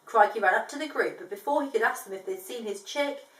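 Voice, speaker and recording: A woman reads a children's picture book aloud with an animated lilt, her voice pitched fairly high. She pauses for friendly, chatty explanations between pages. The sound is roomy and echoey, as if she sits some way from the microphone. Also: recorded from a distance. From from outside Australia, now living there. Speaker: storyteller reading a picture book.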